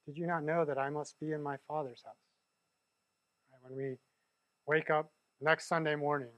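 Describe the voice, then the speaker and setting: Male pastor, casual sermon delivery, higher pitch, constant "right?" tags. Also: a bit bright, no echo. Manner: conversational, keeps asking "right?".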